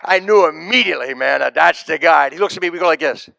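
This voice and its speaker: A man's voice: on the high side, quick pace, gravelly, pushed and bright, no room sound. A man, a comedian, telling punchy, repetitive stories at a live memorial tribute. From United States. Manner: emphatic, repeats key phrases for punch. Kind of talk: stand-up storytelling at a memorial. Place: live event before an audience.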